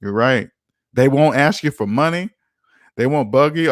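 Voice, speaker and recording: A man's voice: mid-range voice, lively intonation, normal speed, no room sound, studio quality. A man hosting a casual finance livestream, reading viewer comments aloud and teasing them with a joking manner.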